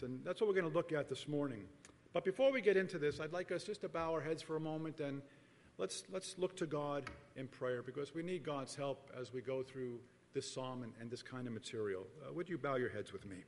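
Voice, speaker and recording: A middle-aged man preaching a sermon as pastor, telling a personal story in an earnest, measured way and often repeating phrases. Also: on the high side. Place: church sanctuary. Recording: long reverb of a large hall.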